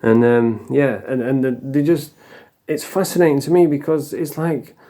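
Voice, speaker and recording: A man's voice: mid-range voice, steady tone, normal speed, dark tone. A middle-aged man from England, talking casually and bluntly to camera, rambling and swearing freely. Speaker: vlogger.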